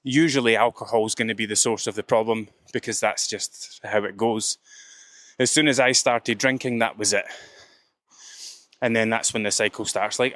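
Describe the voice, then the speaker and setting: A man talks straight into a close podcast mic in a dry, small room. His pitch sits in the middle range for a man. He speaks bluntly, swears freely and strings his points together in long, repetitive lists. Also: fairly bright tone, no room sound. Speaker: nutrition coach and podcast host. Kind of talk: solo podcast monologue.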